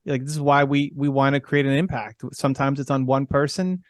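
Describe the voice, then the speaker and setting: A man's voice: mid-range voice, a little fast, no room sound, studio quality. A man giving an earnest, encouraging motivational talk as guest speaker, repeating himself for emphasis.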